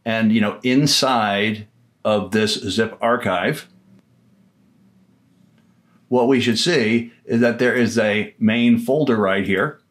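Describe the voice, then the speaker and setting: A man narrating a screen-recorded software tutorial at a middle pitch. He keeps it chatty and loose, with filler words and little jokes as he clicks through each step. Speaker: software trainer.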